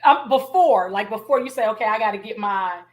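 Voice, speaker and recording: A woman hosting an interview show, chatting casually and eagerly, with slangy phrasing and lively storytelling. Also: medium pitch, brisk. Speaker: host. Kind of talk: casual chat.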